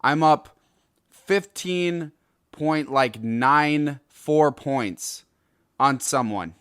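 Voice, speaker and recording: A young adult man hosting a solo podcast, ranting in an angry, exasperated way with sudden loud outbursts. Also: a little high, very slow, clean tone, no room sound, studio quality. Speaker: podcast host.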